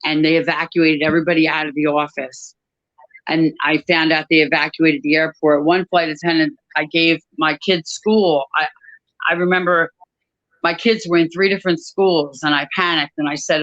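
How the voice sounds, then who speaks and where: A woman giving a personal testimony about her work at an airline crew desk, talking in a halting way with many pauses and restarts. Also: sits low, fairly even intonation, a bit bright, no echo, muffled recording.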